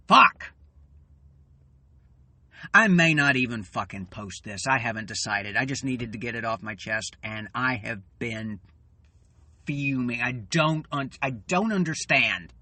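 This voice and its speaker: A man in an angry, swearing political rant, tired and fuming, halting and then bursting out loud. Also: medium pitch, expressive, dry recording. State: weary and fuming. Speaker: channel host.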